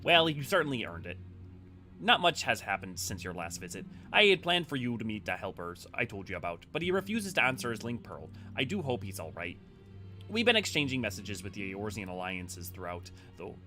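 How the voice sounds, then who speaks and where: A man's voice: on the low side, big pitch swings, brisk, pushed and bright, soft background music. A man reading out the lines of a cheerful, eager young woman organizer in a game.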